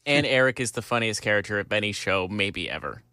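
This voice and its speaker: A man's voice: lowish voice, expressive, a little fast, bright, forceful tone, clean tone, no room sound, clean studio sound. A man co-hosting talk radio, teasing and jokey in casual banter. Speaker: radio co-host.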